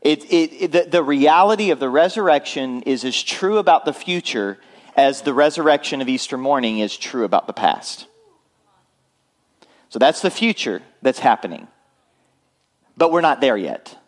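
A man's voice: medium pitch, expressive, normal speed. Male pastor, conversational sermon delivery, frequent check-ins with the congregation. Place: church.

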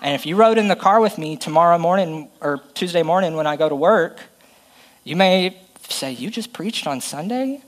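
A man's voice: fairly high pitch, moderate pace, poor audio. Man preaching a casual sermon. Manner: conversational, self-deprecating preaching with Bible reading.

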